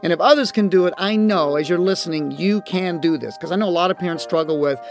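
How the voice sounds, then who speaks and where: Gravelly upbeat man coaching parents. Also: a little high, quick pace, hardly any pauses, over music. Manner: storytelling, acts out parent and child voices. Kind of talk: audio course lecture.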